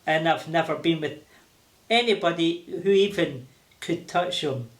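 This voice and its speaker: An older man with a Glaswegian accent, telling lively stories with laughter as an interview guest. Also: fairly high pitch, unhurried. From Scotland. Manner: animated, laughing, acting out voices. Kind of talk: casual storytelling. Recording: roomy echo.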